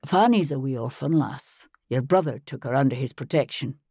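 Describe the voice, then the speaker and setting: Woman voicing a dry, gruff Scottish Highlander. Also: moderate pace, dark tone, no room sound, full character voice. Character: weary Highland husband, dry and stoic. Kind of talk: audiobook character voice.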